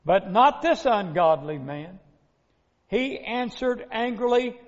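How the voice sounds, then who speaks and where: A man's voice: high-pitched, expressive, slow pace. A male preacher giving a sermon, retelling a parable dramatically and speaking straight to his listeners, in a dull recording with long hall reverb. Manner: dramatic storytelling, addresses the listeners directly.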